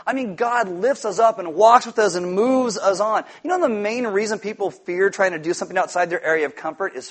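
Man, pastor, sermon, high voice, animated, joking, shouted impressions.

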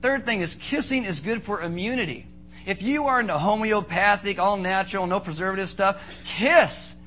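Male pastor, high bright voice, playful animated preaching with comic asides, light background noise. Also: moderate pace. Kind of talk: sermon.

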